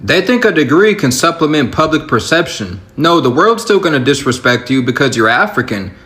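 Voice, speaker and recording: A man's voice: a little high, big pitch swings, brisk, fairly bright tone. A man delivering a dismissive, lecturing opinion monologue.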